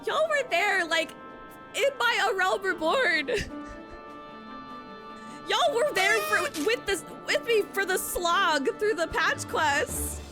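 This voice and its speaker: A young woman streams a video game and talks to her viewers, exclaiming and laughing often. Her voice sits very high and swings widely, and she takes her time. Game music plays clearly behind her. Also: animated, slow pace. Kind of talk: live stream chat with viewers.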